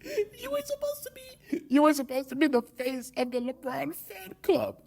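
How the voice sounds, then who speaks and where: A man's voice: very high voice, big pitch swings, moderate pace, vocal fry, a little mellow, voice pushed up, full character voice. A man doing an impression of a wounded male sports commentator, voice cracking as he pleads. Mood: anguished.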